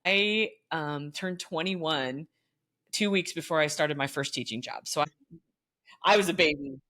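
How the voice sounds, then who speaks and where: A woman's voice: low voice, unhurried. A middle-aged woman, a former teacher, telling school stories in casual chat with lots of laughter. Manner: animated, laughing storyteller.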